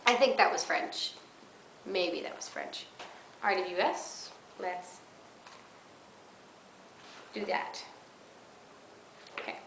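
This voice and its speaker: A woman's voice: medium pitch, normal speed, long pauses, a bit bright. Young woman, college vlogger, bubbly rambling chat, webcam mic, echoey dorm room, faint hiss. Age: young adult. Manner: bubbly and rambling, with giggles and fillers. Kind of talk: casual webcam vlog. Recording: roomy echo, faint background noise.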